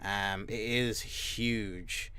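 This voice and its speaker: A young man running a tabletop game as game master, narrating slowly with many ums and pauses. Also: fairly low pitch, steady tone, bright, forceful tone, clear, resonant tone. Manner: slow, halting narration full of ums and uhs.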